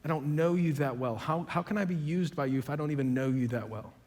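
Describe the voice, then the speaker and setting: A high-voiced man preaching in a large hall, his words trailing off in long reverb. He tells dialogue in a conversational way, with a sarcastic edge, and climbs to loud, emphatic peaks. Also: fast talker. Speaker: pastor. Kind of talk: sermon.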